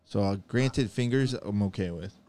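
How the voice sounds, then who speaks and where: A man's voice: fairly low pitch, moderate pace, slight background noise. A man co-hosting a podcast, chatting casually and profanely, laughing often. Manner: laughing, profane, animated banter. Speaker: podcast co-host. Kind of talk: casual chat.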